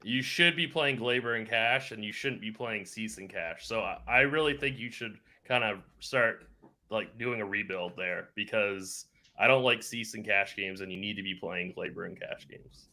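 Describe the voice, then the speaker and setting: A man's voice: lowish voice, normal speed, pushed and bright. A man giving short, blunt answers as a guest analyst on a casual live stream.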